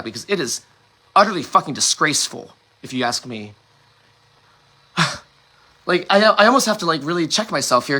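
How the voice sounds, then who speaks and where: Angry, bright-voiced man ranting. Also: on the high side. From United States. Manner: angry, profane ranting with restarts. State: emotional, sighing. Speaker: host. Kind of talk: emotional monologue.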